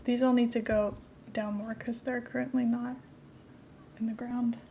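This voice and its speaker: Chatty woman streamer, slightly high voice. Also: level tone, normal speed, warm tone, a little hiss or hum. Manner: chatty, giggly, talks to herself while building. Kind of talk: casual game-stream chat.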